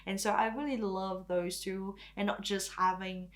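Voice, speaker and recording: Woman, native French speaker, casual and excited music-review vlog delivery, mid-height voice. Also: medium pitch, a little slow. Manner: enthusiastic, chatty, often says "freaking". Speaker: K-pop reviewer.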